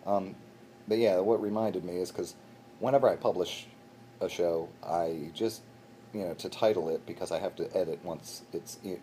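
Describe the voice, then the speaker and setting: Deep-voiced man telling a rambling comic story. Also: dark tone, a little hiss or hum. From Baltimore, USA. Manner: self-deprecating, teases a silent companion. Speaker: show host.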